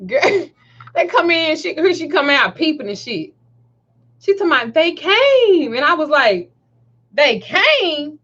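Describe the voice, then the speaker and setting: A high-voiced woman tells a story full of cursing and laughter, acting out each quote herself. The sound is dull and lo-fi. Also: normal speed. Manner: profane, animated storyteller who laughs often and acts out quotes. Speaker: host. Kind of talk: casual storytelling chat.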